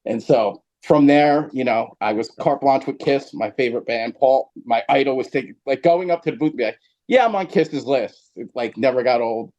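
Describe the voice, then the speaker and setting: A man from New Jersey tells a long story as a podcast guest, rambling and animated, with lots of fillers. His voice sits at a middle pitch. The recording sounds a bit dull and lo-fi. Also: fairly quick, few pauses. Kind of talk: storytelling in casual chat.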